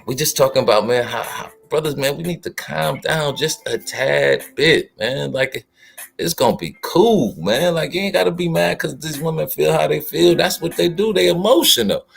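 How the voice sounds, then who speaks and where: A man hosting a casual livestream, talking in an animated, slangy way and speaking straight to his chat. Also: on the high side, moderate pace, creaky, slightly rough. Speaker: livestream host.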